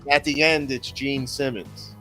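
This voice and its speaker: Middle-aged male co-host, loose crude storyteller, mid-pitched voice, faint music underneath. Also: measured pace. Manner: animated storytelling with crude profanity. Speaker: podcast co-host. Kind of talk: casual chat.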